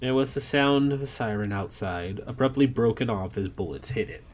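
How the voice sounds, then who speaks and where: A man casually reading a novel aloud on a stream, relaxed and sometimes correcting himself. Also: mid-range voice, moderate pace, a little hiss or hum. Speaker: story reader.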